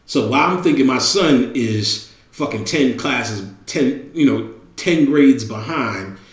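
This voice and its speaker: A man's voice: medium pitch, expressive, takes it slowly. A middle-aged man hosting a show, talking in a blunt casual monologue with heavy swearing and repeated phrases. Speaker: show host. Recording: roomy, dull lo-fi recording.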